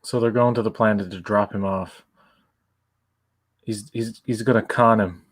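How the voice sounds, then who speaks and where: Male co-host, low and dry, easygoing trivia talk. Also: fairly even intonation, moderate pace, no echo. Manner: knowledgeable, explains trivia with filler words. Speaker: podcast co-host. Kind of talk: casual fan commentary.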